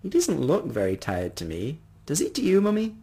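A man voicing a young girl, eager and curious, asking excited questions. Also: on the high side, moderate pace, husky, pitched above the performer's own voice, full character voice.

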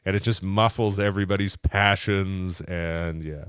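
A man co-hosting a radio show, rambling and joking in casual chat, often trailing off softly. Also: low-pitched, steady tone, moderate pace, clean tone, dry recording, clean studio sound.

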